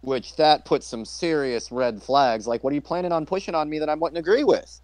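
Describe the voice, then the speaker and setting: A man hosting a casual political podcast, talking in an animated, profane way and laughing often. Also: on the high side, fairly quick, dry recording. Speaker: podcast host.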